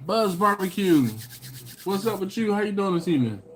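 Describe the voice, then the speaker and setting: A man hosts a barbecue live stream, casually chatting and reading viewer comments aloud, laid-back, slangy, and quick to laugh, with a runny nose and a cough. His rapid-fire voice sits high with big pitch swings and a darkish tone.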